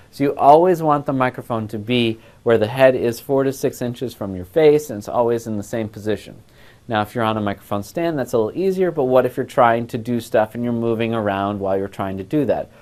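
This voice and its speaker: A man's voice: medium pitch, a little mellow. A male voice class instructor giving a recorded lecture on a lapel mic, explaining patiently and step by step.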